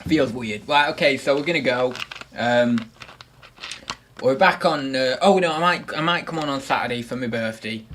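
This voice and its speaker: A man's voice: medium pitch, normal speed, fairly bright tone, slight background noise. A young man hosting a casual livestream, chatty and self-mocking as he rambles on about his new microphone. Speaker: livestream host. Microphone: desktop microphone.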